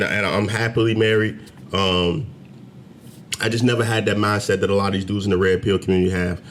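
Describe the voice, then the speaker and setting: A man talking straight to the camera in a commentary video, emphatic and preachy, climbing to loud, heated peaks as he argues. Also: lowish voice, slight background noise. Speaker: commentary channel host. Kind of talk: direct-to-camera commentary rant. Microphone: camera mic, facing camera.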